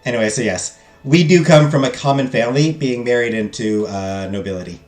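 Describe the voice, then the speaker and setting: A man's voice: medium pitch, fairly quick, a little mellow. A man streaming a text game, reading its narration aloud and cracking jokes with his chat. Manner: jokey, self-deprecating asides between narration. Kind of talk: let's play, reading game text and chatting with viewers. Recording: roomy echo, faint game music.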